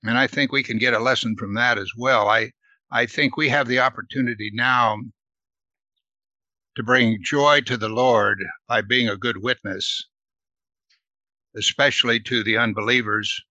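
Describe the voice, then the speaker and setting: Man, Bible study teacher, chatty and earnest, bright tone, close and dry. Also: medium pitch, fairly even intonation, normal speed, long pauses, no room sound, muffled recording. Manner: earnest, asks the listeners questions, adds "right?".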